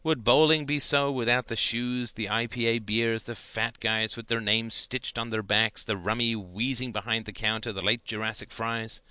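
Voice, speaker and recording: A man's voice: on the low side, bright, forceful tone, no echo. A man voicing a theatrical teenage boy who makes grandiose, mock-formal speeches to his friends.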